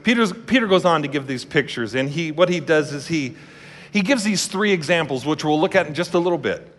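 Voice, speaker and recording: A male pastor preaches in an emphatic, storytelling manner, his voice sitting a little high. His words ring out with a long reverb in a church hall, with faint music in the background. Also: lively intonation, a little fast, fairly bright tone. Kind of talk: sermon.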